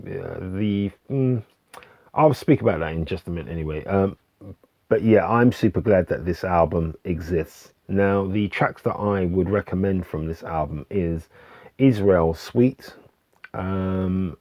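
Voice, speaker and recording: Deep slow-talking man reviewing records. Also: dry recording. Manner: hesitant, many fillers and restarts; relaxed, enthusiastic recommending. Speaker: album reviewer. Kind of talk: casual music review vlog. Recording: dull lo-fi dry recording.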